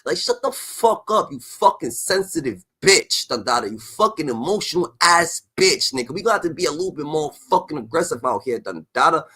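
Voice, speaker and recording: A man's voice: fairly high pitch, expressive, brisk, hardly any pauses, bright, forceful tone, slightly rough. A man delivering a heated, profane rant as commentary, repeating a filler tag between phrases.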